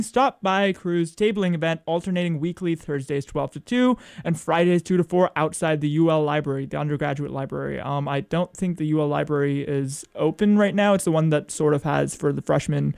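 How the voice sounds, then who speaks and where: A man's voice: a little high, creaky, darkish tone, clear, resonant tone. A young man hosting a college radio show, chatting casually between songs with many ums and self-corrections. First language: French.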